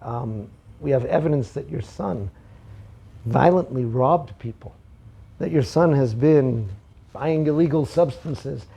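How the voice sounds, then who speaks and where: This is a jealous royal minister in a told parable, accusing and sly, as a man puts him on in his own gravelly voice. The voice is dark and husky with a bit of fry, and it is pitched a little high for a man. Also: slow, full character voice. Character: scheming jealous royal minister, male adult.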